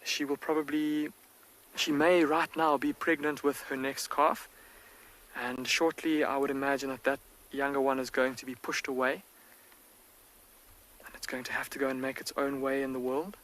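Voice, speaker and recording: A man working as a field guide, giving hushed, excited live wildlife commentary outdoors from a safari vehicle, with the mic close to his face. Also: medium pitch, moderate pace, low-quality recording. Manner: hushed, near-whispered, excited.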